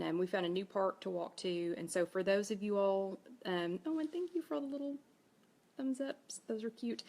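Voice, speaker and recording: A woman with an East Tennessee accent, hosting a casual Facebook Live chat and reading viewer comments aloud as she talks. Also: on the low side. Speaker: host.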